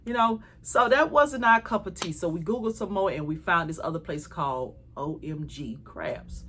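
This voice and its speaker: A woman telling a travel story to her viewers in a casual, animated way, swearing freely. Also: lowish voice, moderate pace, slight background noise.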